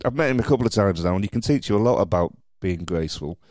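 A man hosting a podcast, telling stories in a lively, casual way with stammered restarts. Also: low-pitched, fast talker, dry recording, clean studio sound. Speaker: podcast host.

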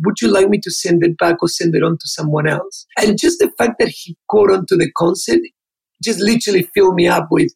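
Fast, gravelly man telling stories. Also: high-pitched, low-quality recording. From Australia. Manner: enthusiastic, fast, acts out dialogue. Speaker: interview guest, keynote speaker. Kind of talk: animated storytelling.

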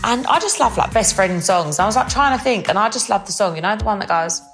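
A woman's voice: mid-range voice, lively intonation, quick pace, a bit bright, faint music behind. A young woman hosting a casual solo podcast, chatty and bubbly, with lots of fillers. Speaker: podcast host.

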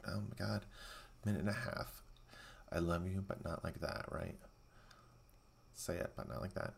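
A podcast host talks through a movie in casual, excitable bursts, full of sarcastic asides. His voice sits very low. It carries a rough, gravelly fry. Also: a little slow, long pauses, a little hiss or hum. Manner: excitable, sarcastic running reactions. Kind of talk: casual movie-watching commentary.

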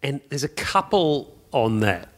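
Giggly man, lively pitch. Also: a little slow. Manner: giggly, acts out quoted voices. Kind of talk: casual chat.

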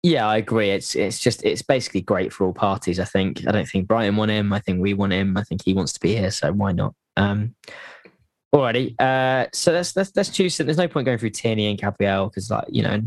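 A man's voice: on the low side, fairly quick, no echo. A man chatting casually about football on a podcast, rambling with lots of restarts and fillers.

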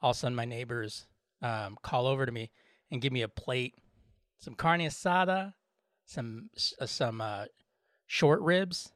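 A man co-hosting a podcast in casual chat, relaxed, laughing often and swearing freely. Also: mid-range voice, brisk, no room sound, clean studio sound. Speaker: podcast co-host.

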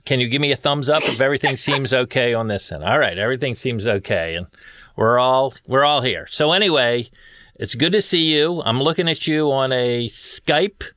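A man's voice: medium pitch, animated, moderate pace, fairly bright tone, dry recording. Dry, teasing male podcast host. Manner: dry, teasing, interviewer-like questions. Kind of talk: deadpan comedy podcast banter. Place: studio in Burbank, California.

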